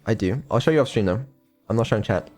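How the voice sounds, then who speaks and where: A man's voice: lowish voice, expressive, fast, darkish tone, faint music behind. A man chatting casually on a stream, rambling and offhand with lots of ums and casual swearing. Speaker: streamer and developer.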